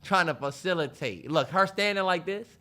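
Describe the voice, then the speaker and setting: A man's voice: sits high, normal speed. A man co-hosting a podcast in casual chat, telling stories with joking put-on voices. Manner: animated, joking, slips into voices while storytelling. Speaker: podcast co-host.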